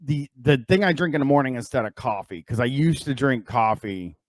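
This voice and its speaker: A middle-aged man co-hosting a casual podcast, reacting loudly with laughs and swearing. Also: mid-range voice, animated, fairly quick, no room sound, clean studio sound. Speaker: podcast co-host. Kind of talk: casual chat.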